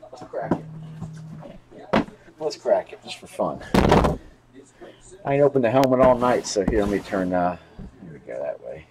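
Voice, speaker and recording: A man hosts a live sports card break, rambling and chatting straight to viewers and cursing freely. His voice is medium-pitched, with heavy background noise.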